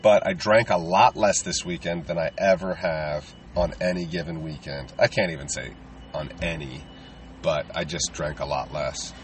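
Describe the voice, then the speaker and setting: A man's voice: extremely low pitch, steady tone, normal speed, distant mic, a little hiss or hum. A man, a touring stand-up comedian, rambling casually and self-deprecatingly with lots of fillers.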